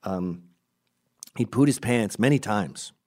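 A man's voice: on the low side, expressive, takes it slowly, mellow. A man rambling through a crude, digressive comic monologue, often breaking off to correct himself. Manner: crude, digressive, self-interrupting.

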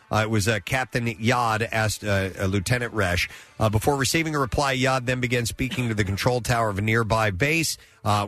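A man's voice: mid-range voice, fairly quick, fairly bright tone. A man hosting a casual talk show, reading odd news stories aloud with frequent uh fillers and self-corrections. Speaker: news segment host.

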